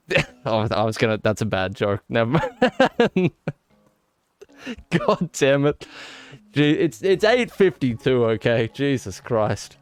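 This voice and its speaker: A man chatting casually on a live stream, excitable and laughing at his own jokes. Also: medium pitch, clean tone, no room sound.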